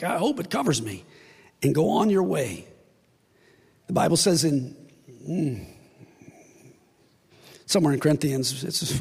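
A man's voice: a little high, vocal fry, breathy edge. A man preaching a sermon, acting out the voices of God and his listeners. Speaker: pastor. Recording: long reverb of a large hall.

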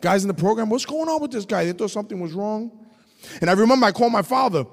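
A man preaching a testimony sermon, telling his story with animated delivery and shouting at high points. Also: fast, creaky, long reverb tail.

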